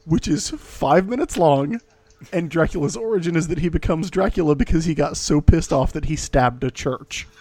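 A man co-hosting a casual movie podcast, wry and profane, building up to loud punchlines. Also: a little high, normal speed, no room sound. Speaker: podcast co-host.

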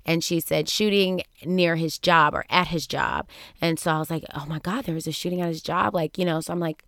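A woman talks into a studio microphone, recounting a family story in a loose, chatty way and slipping into the voices of the people she quotes. Her voice is smooth and clear, sitting a little low for a woman. The sound is dry and close, with no room around it. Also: brisk, no echo. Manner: animated, acts out quoted voices, laughs often. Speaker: podcast host. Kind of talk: casual storytelling monologue.

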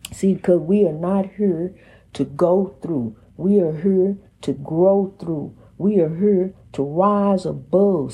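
A woman's voice: on the low side, dark tone, slightly rough, rough recording. A woman telling a dramatic story in a casual monologue, emphatic and preachy, often calling the listener honey. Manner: dramatic, emphatic retelling with repetition.

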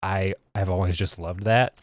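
Male podcast co-host, deep voice, laid-back hesitant delivery, dry studio. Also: steady tone, moderate pace, no room sound. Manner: easygoing, hesitant with fillers. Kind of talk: casual chat.

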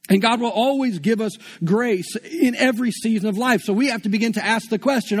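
A man's voice: high-pitched, a little fast, few pauses, slightly rough. A pastor preaching a sermon in a conversational way, asking rhetorical questions and often repeating words as he goes.

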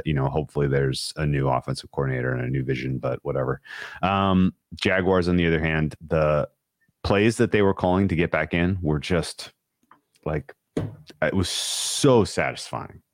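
A man's voice: a bass voice, moderate pace, dry recording, clean studio sound. A man hosting a sports talk show, breaking down a football game in an analytical, opinionated way, with frequent restarts. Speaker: sports podcast host. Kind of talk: casual sports analysis chat.

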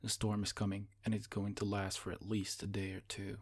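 A man's voice: fairly low pitch, completely flat delivery, fairly quick, husky. A man voicing a desperate, once-mighty male sorcerer, speaking urgently and pleadingly. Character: desperate fallen male sorcerer, proud but broken.

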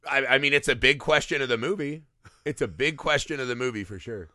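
A man's voice: medium pitch, fairly quick, bright, forceful tone, no room sound, clean studio sound. A man co-hosting a casual comedy podcast about a movie, riffing and swearing freely as he mocks the plot. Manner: profane, riffing, does mocking quoted voices. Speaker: podcast co-host.

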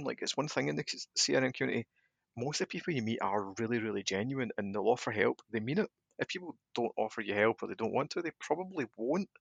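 A man's voice: fairly low pitch, gravelly, breathy edge, dry recording. A man hosting a casual chat, talking eagerly and encouragingly.

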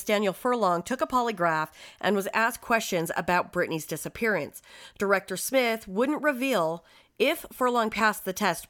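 A woman on a true-crime podcast mic, half reading case notes and half chatting with a co-host. She talks in a loose, casual way and drops curse words into her asides. Her voice sits at a middling pitch. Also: fairly bright tone. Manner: reads case details then swears and riffs.

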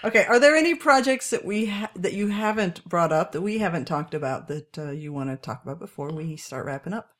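A woman hosting a podcast interview, calm, giving brief encouraging replies and asking questions. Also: lowish voice, fairly quick, hardly any pauses. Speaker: podcast host. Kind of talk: casual interview chat.

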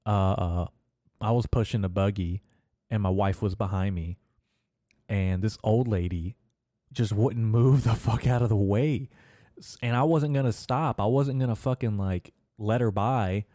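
A man's voice: lowish voice, a little slow, dark tone, no room sound, clean studio sound. A young man hosting a podcast, telling rambling stories about shopping trips and swearing a lot as he gets worked up. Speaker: podcast host. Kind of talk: casual storytelling rant.

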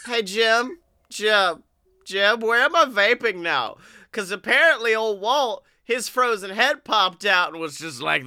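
A man hosting a podcast in casual, jokey chat, hoarse from being sick. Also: high voice, expressive, a little slow, bright, forceful tone, no echo, clean studio sound. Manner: jokey, puts on silly voices. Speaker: podcast host.

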